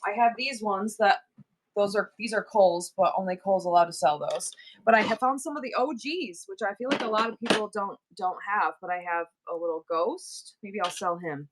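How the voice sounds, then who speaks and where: A woman's voice: medium pitch, normal speed, noisy background. A middle-aged woman with a New York accent, hosting a live selling stream and chatting playfully with her viewers. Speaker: livestream seller.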